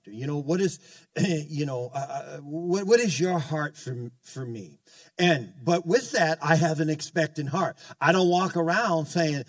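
Fervent pastor preaching, slightly off-mic. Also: male voice, on the high side, expressive, measured pace, no echo, recorded from a distance. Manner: fervent preaching with call-outs and many restarts. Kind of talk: sermon.

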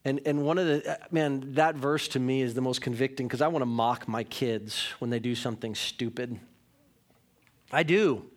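A man's voice: mid-range voice, normal speed. A man in his thirties, a pastor giving a sermon in a conversational, candid way, with self-mocking humor.

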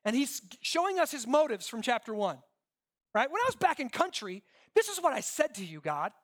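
A man preaching a sermon, animated, acting out quoted voices and asking "right?" often. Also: very high-pitched, brisk. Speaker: pastor.

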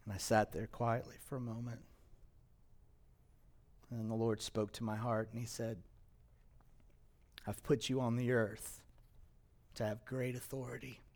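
A man's voice: medium pitch, level tone, darkish tone. Male pastor, middle-aged, preaching a heartfelt testimony with mid-range voice. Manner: emotional, personal testimony with pauses. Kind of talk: sermon storytelling.

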